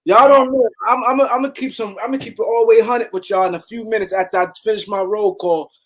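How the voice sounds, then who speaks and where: A man's voice: high voice, fast. A man hosting a live sports talk stream, talking casually and animatedly, often repeating words as he goes. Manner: animated, repeats words, shouts out viewers by name. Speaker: show host.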